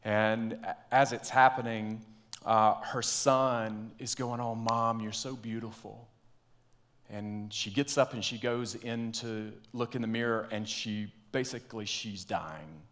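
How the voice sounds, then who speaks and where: A pastor delivers a sermon in a fairly low voice. He tells stories and sinks into quiet, earnest asides. His pitch sits below most men's. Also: steady tone, measured pace. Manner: storytelling, drops to quiet earnest tones.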